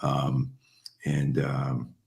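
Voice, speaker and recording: A man's voice: rumbling low, completely flat delivery, drawn-out words, vocal fry, darkish tone. A middle-aged man hosting a casual interview, rambling with restarts and swearing freely. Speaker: host.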